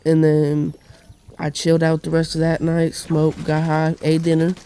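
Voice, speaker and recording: A man's voice: fairly high pitch, completely flat delivery, normal speed, dark tone, a little hiss or hum. A young man telling a rambling, profane personal story in casual slang, full of fillers.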